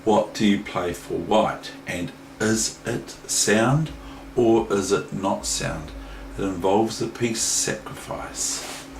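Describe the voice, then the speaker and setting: A man with a New Zealand accent rambles through a casual chess lesson, hesitant and unstructured. He speaks slowly in a lowish voice. The room is echoey with faint noise. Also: gravelly. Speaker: chess teacher.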